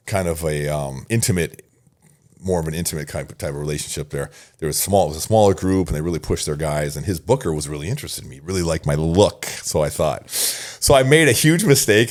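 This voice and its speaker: Low-voiced man telling lively stories. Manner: animated, laughs often, repeats phrases. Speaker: podcast guest. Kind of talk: storytelling in a casual interview.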